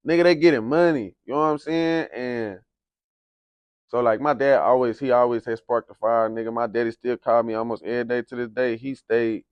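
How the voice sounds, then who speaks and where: A man's voice: mid-range voice, steady tone, brisk, clean tone, no echo, dull audio. A young man from San Antonio, Texas, telling his life story in a casual interview, heavy on slang and "you know what I'm saying". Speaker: interview guest, rapper.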